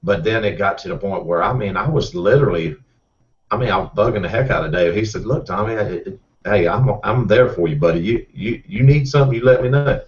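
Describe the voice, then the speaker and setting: A middle-aged race car driver, telling a rambling, folksy story with repeated words. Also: male voice, low-pitched, a little fast. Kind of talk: casual storytelling. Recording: distant, muffled mic.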